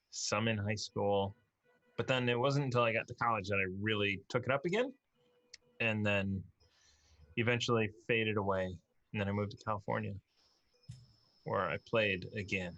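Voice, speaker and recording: A man's voice: fairly low pitch, a bit bright, dry recording, lo-fi sound. A man who runs the game and hosts, chatting casually on a live stream in an easygoing, rambling way with lots of fillers. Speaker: dungeon master and show host.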